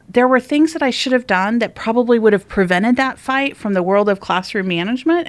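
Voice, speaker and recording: A woman hosting a podcast, a former teacher who tells lively anecdotes with casual fillers. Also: mid-range voice, no room sound. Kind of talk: conversational podcast storytelling.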